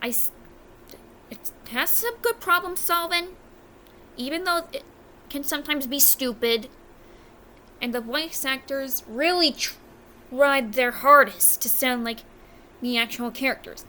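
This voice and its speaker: A woman's voice: high-pitched, a little slow, pauses often, bright, forceful tone, slight background noise. A young American woman doing casual ranking commentary on a video, blunt and exasperated, often stopping to correct her own words. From United States. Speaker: video reviewer.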